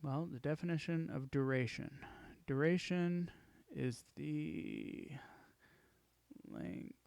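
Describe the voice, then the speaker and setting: A man's voice: fairly high pitch, slow, gravelly, darkish tone, clear, resonant tone, no room sound. A male music teacher reading worksheet instructions aloud and counting beats as he walks through the exercises.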